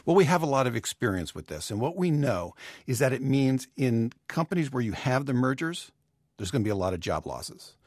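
A man's voice: mid-range voice, big pitch swings, fairly quick, dry recording. Male correspondent, eager explainer, casual and dry-sounding. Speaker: economics correspondent. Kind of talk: conversational explaining.

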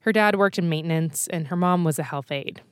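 A woman hosting a podcast, telling a true story in scripted documentary narration with a measured storytelling manner. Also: lowish voice, clear, resonant tone, no room sound, studio quality.

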